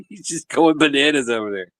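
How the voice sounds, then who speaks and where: A man's voice: mid-range voice, normal speed, no room sound. Chatty, laughing male podcast host. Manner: animated storyteller, laughs often. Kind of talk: casual chat.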